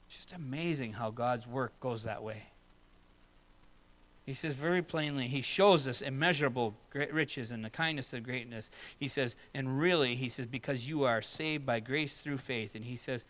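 A man's voice: mid-range voice, normal speed, a bit bright, poor audio. A middle-aged man preaching a sermon as pastor, earnest and conversational, with short acted asides.

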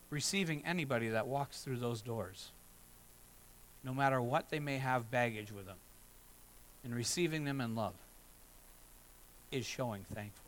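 A man's voice: medium pitch, normal speed, long pauses, slight background noise, poor audio. A middle-aged man preaching a sermon as pastor, earnest and conversational, with short acted asides.

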